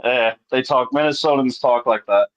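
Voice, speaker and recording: A man's voice: mid-range voice, moderate pace, dull audio. A man hosting a casual group chat on a video call, joking crudely and laughing often. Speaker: livestream host.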